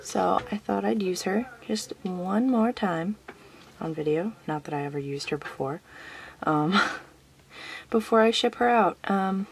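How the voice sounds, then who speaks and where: A woman's voice: mid-range voice, unhurried, vocal fry, husky. A young woman vlogging casually, chatty and giggly, with lots of ums and a slight Southern US accent. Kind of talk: casual vlog.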